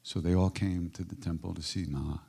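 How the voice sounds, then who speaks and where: An older man from the United States tells spiritual stories to an audience. His voice is very low, gravelly and mellow, and he moves between a relaxed drift and sudden emphatic bursts. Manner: unhurried, warm-hearted anecdotes with emphatic bursts. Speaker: spiritual teacher answering audience questions. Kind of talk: reflective storytelling.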